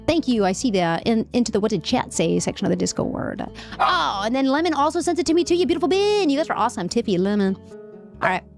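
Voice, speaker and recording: A woman streamer reading news aloud, reacting emotionally and chatting with viewers in a casual live-stream. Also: on the high side. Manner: emotional, frequently laughing and venting; reads articles aloud with asides.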